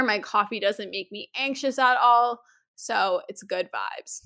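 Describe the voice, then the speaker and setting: Chatty young woman with a hoarse cold voice. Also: medium pitch, fairly bright tone. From Canada. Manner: chatty and enthusiastic, many fillers like "like". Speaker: podcast host. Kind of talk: casual podcast chat.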